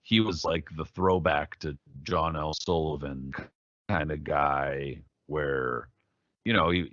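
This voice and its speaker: Profane male podcast co-host, very low voice, animated storyteller, dry and dull recording. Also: dry recording. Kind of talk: casual chat.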